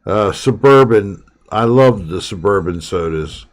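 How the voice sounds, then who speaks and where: Male stream host, unhurried low-voiced casual rambler. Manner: rambling, relaxed, chatting to viewers. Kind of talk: casual live chat.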